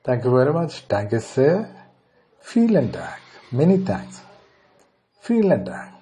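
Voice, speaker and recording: A man from India with an Indian English accent, teaching a beginner language lesson and slowly repeating each phrase before translating it. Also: medium pitch, wildly swooping pitch, warm tone.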